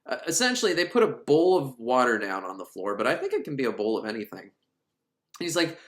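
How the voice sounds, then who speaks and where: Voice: mid-range voice, huge pitch swings, fairly quick, roomy sound. A film reviewer recapping a movie in a casual, sarcastic, comedic way, often laughing.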